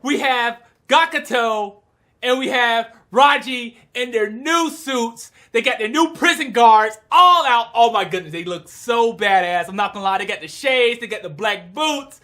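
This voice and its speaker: Excitable young woman with a bright voice. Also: fairly high pitch, unhurried. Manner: animated, excitable, breaks into shouts; slangy, retells scenes with quoted lines. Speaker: manga reviewer. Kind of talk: casual video review.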